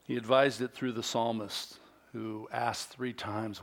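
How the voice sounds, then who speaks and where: Delivering a sermon at an unhurried pace and medium pitch, a middle-aged male pastor alternates between lively, loud preaching and quiet, close-up storytelling.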